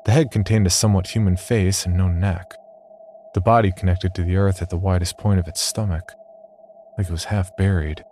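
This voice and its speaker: Deep-voiced man narrating wry horror. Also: darkish tone, slight background noise. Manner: wry, dry humor. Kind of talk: scripted first-person horror narration.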